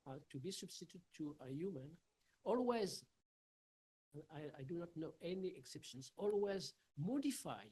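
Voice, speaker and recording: Husky halting man lecturing. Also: high voice, big pitch swings, dark tone, low-quality recording. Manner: halting, many fillers and restarts. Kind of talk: academic Q&A answer.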